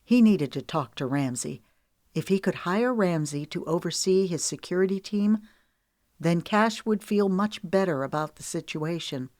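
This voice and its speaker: A woman narrating a romance audiobook in a steady, even storytelling voice. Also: fairly low pitch, normal speed, no room sound, clean studio sound.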